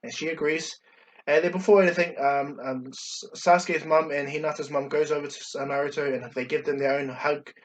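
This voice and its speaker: A man's voice: on the high side, steady tone, brisk, far from the mic, slight background noise. A man casually retelling a fan-made story, rambling with many fillers and restarts.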